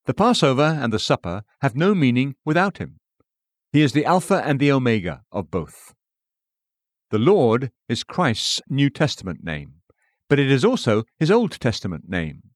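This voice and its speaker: Male narrator for a devotional audiobook, varied lively intonation, dry close sound. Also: medium pitch, dry recording. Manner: measured, quoting scripture and verse references. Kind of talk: scripted devotional reading.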